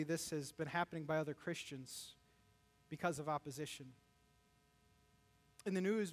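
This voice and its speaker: Male preacher with a high voice, animated sermon delivery that slips into quoted voices. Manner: animated, acts out quoted voices with rising pitch. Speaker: pastor.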